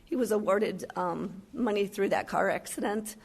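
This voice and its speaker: A woman from Chicago who owns a restaurant, speaking emotionally and earnestly at a county meeting, halting often with fillers. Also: medium pitch, vocal fry, a little mellow, slightly rough. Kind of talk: public comment at a county meeting.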